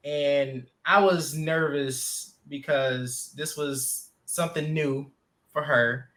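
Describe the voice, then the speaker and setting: Podcast host guy telling a story, lively, kinda high, bright sharp voice, lots of you know. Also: slow pace. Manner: animated storyteller, lots of fillers. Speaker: podcast host, jiu-jitsu instructor. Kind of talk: casual conversation.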